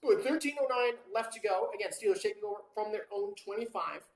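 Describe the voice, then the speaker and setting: An amateur commentator calling play-by-play over a live watchalong, casual and rambling, with fillers and quick self-corrections. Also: medium pitch, echoey room, poor audio.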